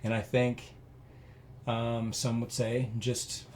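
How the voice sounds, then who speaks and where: Man, interview guest, earnest, rambling, mid-pitched voice, faint background hiss. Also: takes it slowly. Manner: earnest, rambling, with many fillers and restarts; grows loud and animated when telling emotional parts. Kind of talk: personal storytelling in a conversation.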